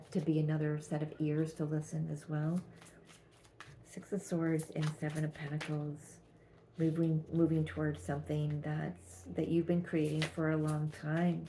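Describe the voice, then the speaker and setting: A woman gives a channeled tarot reading in a low, gravelly voice, gentle and halting, frequently restarting her sentences. Her tone is mellow and dark, her delivery flat and even, with faint background noise.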